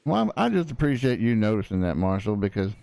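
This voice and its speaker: A man's voice: lowish voice, big pitch swings, fast talker, creaky, a little mellow. A man roleplaying a cranky old frontier prosecutor, rambling in a folksy way with lots of fillers. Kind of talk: in-character roleplay chat.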